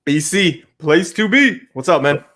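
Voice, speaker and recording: A man's voice: on the high side, animated, a little slow, a bit bright. A man from Canada hosting a casual livestream chat, joking and loose with lots of fillers. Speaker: livestream host.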